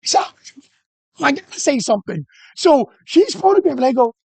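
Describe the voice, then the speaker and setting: Animated joking male photography teacher. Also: very high voice, normal speed, gravelly, long pauses, no room sound. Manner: animated anecdotes, self-interrupting, joking. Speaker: photography instructor. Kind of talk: storytelling during a workshop lesson.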